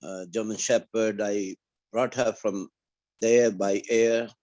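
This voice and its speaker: A man in a class on a video call, telling a personal story in a halting way with restarts. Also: fairly low pitch, fairly even intonation, a little mellow, highs cut off. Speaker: class participant.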